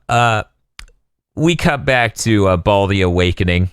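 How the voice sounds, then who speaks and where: A man's voice: fairly low pitch, expressive, a little slow, smooth, no room sound, clean studio sound. A man hosting a podcast, recapping an episode casually with frequent laughter and swearing. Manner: laughing, profane storytelling. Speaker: podcast host.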